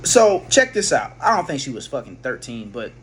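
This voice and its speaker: A man's voice: mid-range voice, very animated, moderate pace, a little hiss or hum. A man casually telling a personal story, rambling with slang, swearing and frequent restarts. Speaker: vlogger.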